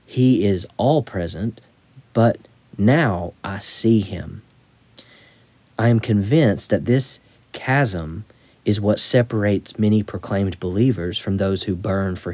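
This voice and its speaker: A man reading aloud from his own devotional book in a measured, deliberate way. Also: on the low side, warm tone, no echo.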